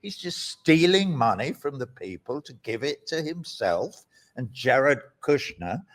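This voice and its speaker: An outspoken older man, an interview guest talking about politics, sardonic and animated, with mocking asides and rambling tangents. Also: medium pitch. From England.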